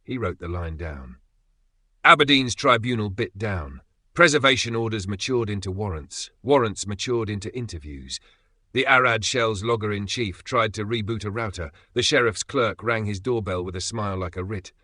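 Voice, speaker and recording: A man reading an audiobook in an even, measured narration. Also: fairly low pitch, no echo.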